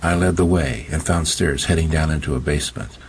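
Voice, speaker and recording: A man's voice: rumbling low, brisk, a little hiss or hum. A man narrating a first-person audiobook in a wry, sardonic storytelling manner.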